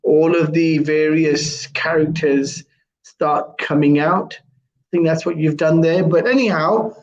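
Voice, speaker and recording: A high-pitched man hosts a live morning stream, rambling along with lots of ums and uhs. The sound is muffled and lo-fi, like a web call. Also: fairly even intonation, slow. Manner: rambling, with many fillers. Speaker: host. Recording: dull lo-fi live stream audio.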